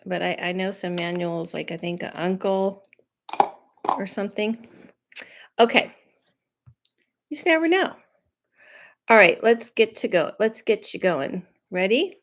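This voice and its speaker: A woman's voice: on the low side, fairly even intonation, unhurried. A woman hosting a live stream as a psychic medium, talking casually and reassuringly and drifting off on tangents. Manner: rambling and chatty, drifting off on tangents; reassuring and conversational, often checking in with listeners. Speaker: psychic medium livestream host. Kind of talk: casual live-stream chat giving readings.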